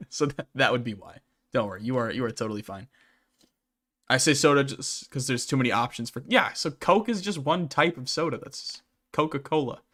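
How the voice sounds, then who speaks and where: A man's voice: medium pitch, lively intonation, moderate pace, fairly bright tone. Rambling, chatty young man streaming. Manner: rambling and chatty, with many restarts and "like" fillers. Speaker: streamer and channel host. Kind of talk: casual livestream Q&A while gaming.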